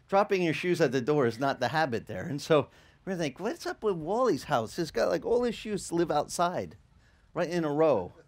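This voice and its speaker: A middle-aged man, a pastor, telling a story in a sermon in a conversational way, acting out the dialogue. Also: on the high side. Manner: animated, conversational, acts out dialogue. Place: church.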